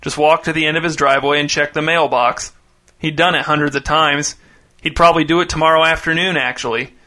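A man narrating a short story in a measured, deadpan reading. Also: fairly high pitch.

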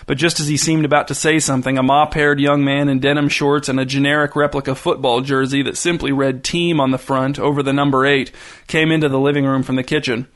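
A man narrating a short story in an even, dry reading style. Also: mid-range voice, brisk.

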